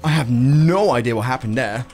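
A young man streaming a speedrun, chatting to viewers and reacting loudly to close calls. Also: medium pitch, normal speed, a little hiss or hum. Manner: excitable, shouts and laughs at close calls, greets chat casually. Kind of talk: excitable live gameplay commentary. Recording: game music playing behind.

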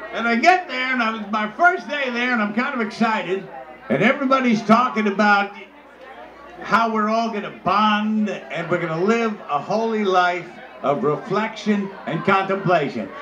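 A male comedian telling a raunchy story in a loud, brash delivery, breaking into shrieks. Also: very high-pitched. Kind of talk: stand-up storytelling. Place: crowded bar. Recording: noisy crowded bar.

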